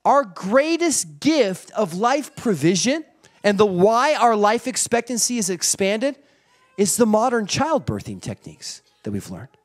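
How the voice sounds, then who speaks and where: A middle-aged man preaching a sermon, telling a story with animated energy and acting out family members. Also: high voice, a little slow. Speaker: pastor.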